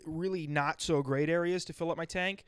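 A man's voice: fairly high pitch, steady tone, normal speed, fairly bright tone, smooth, dry recording. A man from New Jersey in casual, crude podcast banter, swearing often and joking. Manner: profane, joking, riffs in put-on quotes.

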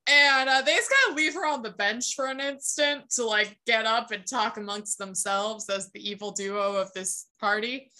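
A young woman with a bright, slightly high voice chats through a TV episode as a podcast co-host. She tells it loosely and animatedly, mixing in swearing and quick impressions of the characters. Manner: animated storytelling, acts out characters' lines, swears and laughs. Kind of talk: casual recap chat.

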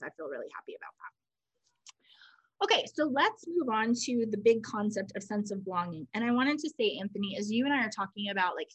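A woman co-host talks through ideas in a relaxed, chatty way and slips into quick quoted voices as she tells stories. Her voice sits at an ordinary middle pitch. The recording is close and dry, with no room echo. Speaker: podcast co-host. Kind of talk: casual conversational explanation.

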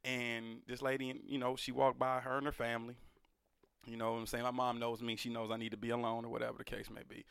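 A man's voice: mid-range voice, fast, creaky, smooth, dry recording. Earnest young man telling a story. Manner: earnest, animated, repeats himself, slangy. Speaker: podcast co-host. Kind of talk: casual chat, storytelling.

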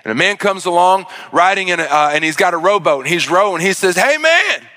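High, bright-voiced male preacher. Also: fast talker. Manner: storytelling with acted-out voices, many restarts. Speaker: pastor. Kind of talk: sermon.

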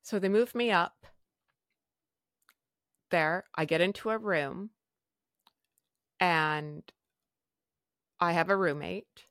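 A woman's voice: fairly low pitch, slow, long pauses, fairly bright tone, no room sound, clean studio sound. A woman hosting a podcast, telling a personal story frankly with wry humor and casual swearing. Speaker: podcast host.

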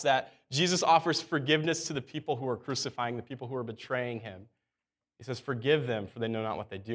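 A man's voice: medium pitch, a bit bright. Guy preaching, easygoing sermon, reads verses out, repeats words for weight. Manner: conversational preaching, reads scripture aloud, repeats key words. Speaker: pastor.

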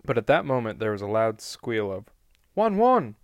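A man with a fairly low voice reads a novel aloud, keeping the storytelling plain and even. He stumbles over a word now and then. The recording is close-miked and dry. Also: brisk, no room sound. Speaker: audiobook reader.

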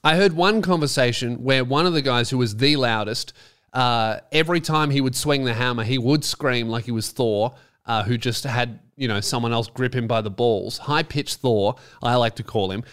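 A man's voice: medium pitch, moderate pace, a bit bright, clear, resonant tone. An Australian man hosting a podcast, rambling through a casual comedic monologue with sardonic, self-mocking jokes. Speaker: podcast host.

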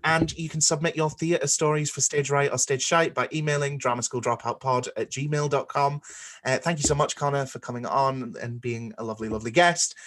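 A man's voice: mid-range voice, steady tone, a little fast, fairly bright tone. A young man hosting a podcast, joking and self-deprecating as he chats and signs off. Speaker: podcast host. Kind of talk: casual chat.

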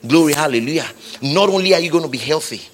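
A man preaching a sermon as pastor, repeating phrases and building to shouted climaxes. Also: a little high, expressive, fast.

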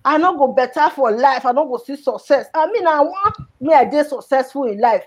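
A woman's voice: high-pitched, expressive, fairly quick. A woman from Nigeria speaking with a Nigerian Pidgin accent, telling her life story in an interview in an emotional way and repeating words for emphasis. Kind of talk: personal life story in conversation.

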